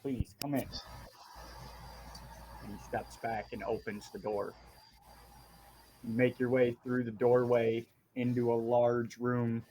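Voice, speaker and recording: A man narrating a tabletop game as game master in a relaxed, descriptive way. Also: medium pitch, a little hiss or hum, low-quality recording.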